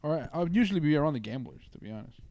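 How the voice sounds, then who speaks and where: A man on a podcast, talking in relaxed, joking, slangy casual chat. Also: a little high, very fast, no room sound. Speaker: podcast guest.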